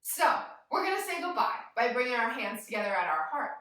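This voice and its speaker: A woman's voice: fairly high pitch, big pitch swings, fairly quick, bright, forceful tone, recorded from a distance. A young woman leading a yoga class for small children, cheerful and sing-song, talking straight to the kids. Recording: echoey room, voice from off the mic.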